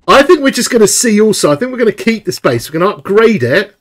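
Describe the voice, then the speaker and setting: A young man giving excitable, chatty live commentary while streaming a video game. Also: sits high, fast talker.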